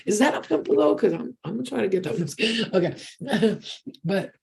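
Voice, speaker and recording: A woman reading tarot and channeling, telling stories in a casual, excitable livestream chat with lots of swearing. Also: medium pitch, moderate pace, creaky, husky. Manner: excitable storytelling with frequent swearing.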